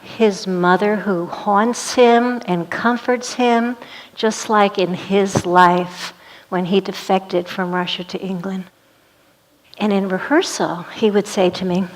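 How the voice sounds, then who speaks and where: A woman's voice: medium pitch, steady tone, slow. A woman performing a one-woman play as a vivid, dramatic storytelling monologue.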